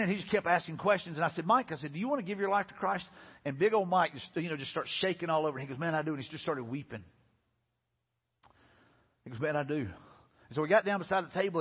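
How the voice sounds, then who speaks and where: A middle-aged pastor preaching with quick, high, husky delivery, acting out the people in his stories. His voice rings with a long hall echo. The recording sounds dull and lo-fi. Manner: animated, storytelling with repeated quotes. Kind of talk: sermon.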